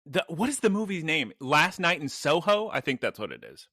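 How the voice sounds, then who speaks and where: Podcast co-host, male, animated storyteller, bright and lively, dry close sound. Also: a little high, moderate pace, slightly rough, no room sound. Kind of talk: casual chat.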